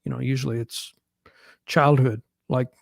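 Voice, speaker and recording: A man's voice: mid-range voice, fairly even intonation, moderate pace, gravelly, dry recording. A man co-hosting a podcast, talking casually in long, rambling stretches with frequent restarts. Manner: rambling, restarts often, laughs easily. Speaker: podcast co-host. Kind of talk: casual chat.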